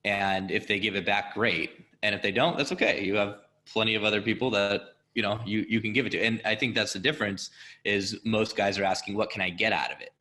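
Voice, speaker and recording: Low-voiced, bright man hosting. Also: fairly even intonation, fairly quick. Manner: affirming, reflective, checks the guest's mic. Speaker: podcast host. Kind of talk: casual interview talk.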